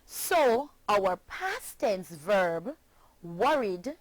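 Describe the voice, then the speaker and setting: A woman's voice: mid-range voice, sing-song, extremely slow, dry recording, poor audio. A woman with a Jamaican accent teaching a scripted phonics lesson, spelling words out letter by letter.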